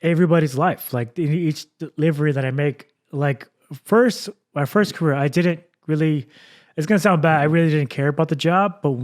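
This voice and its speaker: Podcast host from Texas, a man with a slightly high voice, rambling and earnest, casual chat. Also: normal speed. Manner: rambling, earnest, heavy with fillers like "like" and "you know".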